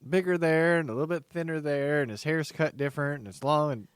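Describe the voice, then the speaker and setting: A woman in a casual podcast chat, giving emphatic, animated comments. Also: low-pitched, fast, clean tone, no room sound.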